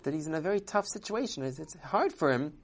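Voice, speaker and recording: A woman voicing an older king in a told parable, speaking softly and slowly as a loving father. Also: low-pitched, animated, husky, heavily acted. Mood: tender. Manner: soft, slow, tender.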